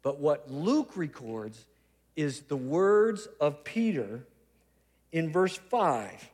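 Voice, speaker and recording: A man's voice: on the high side, sing-song, drawn-out words, darkish tone, big-room sound. A man preaching a sermon as pastor, conversational and humorous, with teasing asides.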